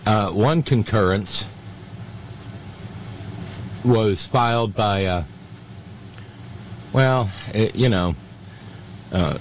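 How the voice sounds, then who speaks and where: A man hosting a talk radio show, giving political commentary in a halting, sarcastic way full of fillers. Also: lowish voice, a little hiss or hum.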